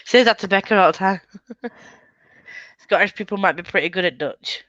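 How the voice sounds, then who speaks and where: A woman's voice: medium pitch, normal speed, fairly bright tone, no room sound, muffled recording. A woman hosting a casual reading sprint over a video call, chatting in a teasing, giggly way. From England. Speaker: booktube host. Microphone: computer mic on a video call.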